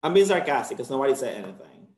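A man leads a casual chemistry lecture, worn out at the end of the semester but still joking and checking whether his students follow. His voice sits at a middle pitch and bounces around an echoey classroom. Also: very animated, rapid-fire. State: tired, end-of-semester burnout. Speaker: chemistry instructor.

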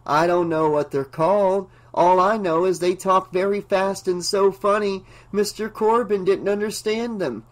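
A delirious bank clerk gone calmly mad, as a man puts him on while reading a novel aloud. His voice sits a bit high, slow and dreamy, deferential yet firm, like someone speaking in a trance. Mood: dreamy, formal. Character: delirious male bank clerk, calm and unhinged.

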